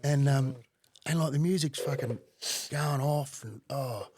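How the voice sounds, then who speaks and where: A man, a podcast guest telling a story in a casual, profane and animated way, often laughing. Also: medium pitch, unhurried, a crowd in the background.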